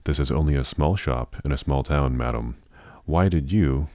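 A man's voice: very deep voice, normal speed, dark tone, no room sound, studio quality. A man reading the lines of a plain-spoken young hatter woman in a storybook, in a blunt, matter-of-fact way. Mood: indignant.

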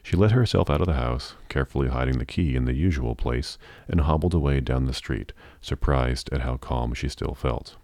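A man narrating a novel in a measured, even storytelling manner. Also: extremely low pitch, dry recording. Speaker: audiobook narrator.

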